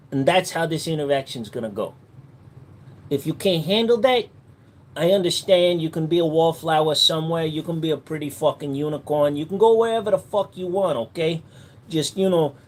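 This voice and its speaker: Profane mocking streamer guy, fairly high voice. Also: a little mellow. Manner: crude, profane, mocking chat banter. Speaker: livestream host. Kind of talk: casual livestream chat.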